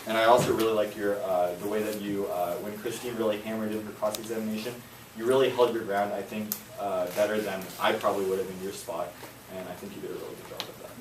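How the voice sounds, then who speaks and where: Fast-talking low-voiced male student. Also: little pitch movement. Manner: rushed, trailing off. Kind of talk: peer feedback. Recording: echoey, distant, noisy classroom recording.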